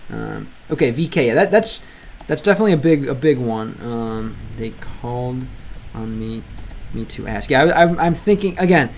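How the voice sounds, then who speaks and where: A man's voice: mid-range voice, animated, normal speed, few pauses, slight background noise. A man livestreaming a game, translating lines aloud and chatting with viewers in a rambling, hesitant way. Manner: rambling and hesitant, many ums and restarts; translates aloud and answers chat. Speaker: livestreamer learning Spanish through a game. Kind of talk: casual live-stream chat.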